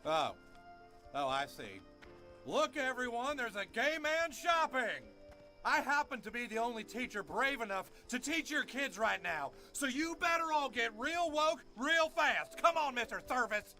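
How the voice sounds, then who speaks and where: A man's voice: very high-pitched, big pitch swings, measured pace, pushed and bright, full character voice. A man voicing a pompous, self-righteous male teacher in a cartoon, preachy and smug. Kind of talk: animated cartoon voice acting. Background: music.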